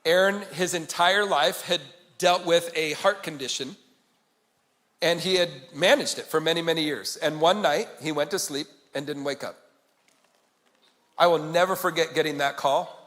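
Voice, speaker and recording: A man giving a motivational conference keynote, telling a personal story in an earnest way that swings from quiet to emphatic. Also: on the high side, moderate pace. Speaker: conference speaker. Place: large conference hall. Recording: long hall reverb.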